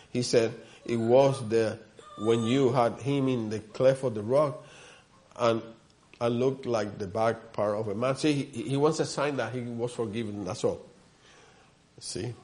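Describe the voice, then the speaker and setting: A man's voice: medium pitch, normal speed, a little mellow. Earnest man preaching a sermon. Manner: earnest storytelling with many repeats and asides to the listeners.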